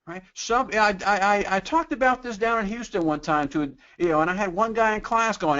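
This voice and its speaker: A man with a high voice teaches a sales webinar. He talks conversationally, leans on rhetorical questions and slips into quoted customer voices. The audio is dull and lo-fi. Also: brisk, few pauses, bright, forceful tone. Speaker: sales trainer. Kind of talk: webinar sales training talk.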